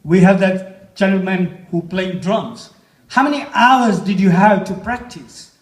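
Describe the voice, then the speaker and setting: A man giving a motivational talk at a festival, posing slow, deliberate rhetorical questions to the audience. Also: high voice. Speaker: motivational speaker. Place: music festival stage. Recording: echoey live stage sound.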